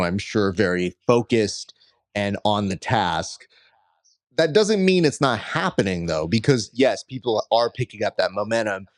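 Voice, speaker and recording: A man hosting an interview podcast, asking questions in an animated, playful way. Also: on the low side, no room sound, studio quality. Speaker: podcast host.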